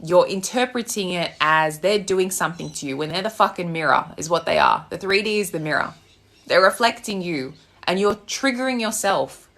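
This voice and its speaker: A woman's voice: on the low side, animated, moderate pace, a bit bright. A young Australian woman, a manifestation coach, ranting bluntly on a live stream and swearing freely. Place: home with loud birds outside.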